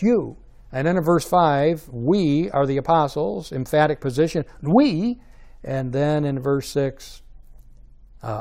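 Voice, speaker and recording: A man's voice: medium pitch, darkish tone. A man teaching a Bible study in a conversational way, checking in with rhetorical questions and rising to emphatic stresses.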